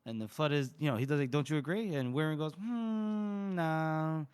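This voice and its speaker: A man co-hosting a casual book podcast, retelling scenes with lively quoted lines and frequent laughter. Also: on the high side, racing, smooth. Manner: animated, acts out characters' lines with laughter. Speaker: podcast co-host.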